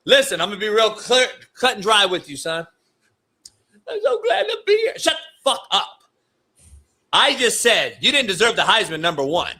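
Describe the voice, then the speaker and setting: A crude, profane football coach tears into a young quarterback. His voice sits a little high and swings widely as he builds to shouted insults, as a man acts him out. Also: lively intonation, normal speed, hardly any pauses, exaggerated voice. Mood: berating. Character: male football coach berating a rookie quarterback, crude and harsh.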